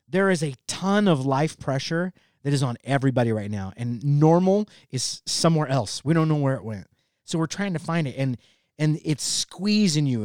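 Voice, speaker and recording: A fairly high, very lively man's voice that swoops up and down as he tells a story, acting out everyone's lines. He's in his forties and the sound is dry and close. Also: smooth, no room sound. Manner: animated storyteller who acts out quoted dialogue; laughs through his own stories. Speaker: podcast co-host or guest. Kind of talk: casual podcast chat.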